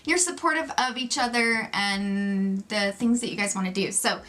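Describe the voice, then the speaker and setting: A woman's voice: mid-range voice, normal speed. A woman in her forties hosting her own channel, chatty and a little nervous as she talks to camera. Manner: chatty, self-described loud, nervous. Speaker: YouTube channel host. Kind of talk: casual chat to camera.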